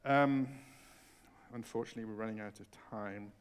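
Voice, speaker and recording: A man leading a piano masterclass on a concert hall stage, coaching a student with expressive enthusiasm. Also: lowish voice, moderate pace, clean tone. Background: piano playing.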